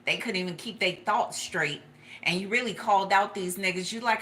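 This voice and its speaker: Bright-voiced, profane woman reading tarot. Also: mid-range voice, fairly quick. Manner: profane, animated, laughs often. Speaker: tarot reader.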